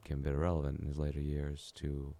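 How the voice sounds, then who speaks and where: A man with a very deep, dark voice tells a story in a dry, wry way. His pitch stays flat as he wraps up a radio segment. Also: fast. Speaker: radio host signing off.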